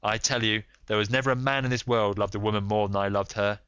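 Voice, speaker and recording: A man reading a volatile American man, grieving and defiant, with an American accent, loud and pleading. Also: lowish voice, steady tone, fast, clean tone, no echo, dull audio, lightly acted. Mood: cold.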